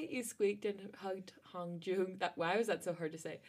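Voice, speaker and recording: A woman's voice: medium pitch, moderate pace, hardly any pauses. A young woman co-hosting a podcast, reading fan fiction aloud and often giggling at it. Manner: breaks into giggles while reading. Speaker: podcast co-host.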